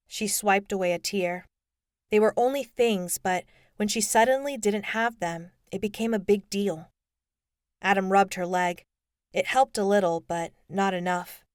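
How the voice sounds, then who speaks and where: Female audiobook narrator, mid-range pitch, dry close mic, measured delivery. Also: clean tone, dry recording. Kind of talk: scripted narration.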